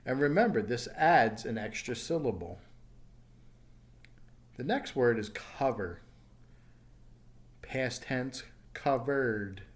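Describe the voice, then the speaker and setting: Man, ESL teacher, slow deliberate delivery, patient, repeats each word, mid-pitched voice. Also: animated. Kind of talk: recorded online pronunciation lesson.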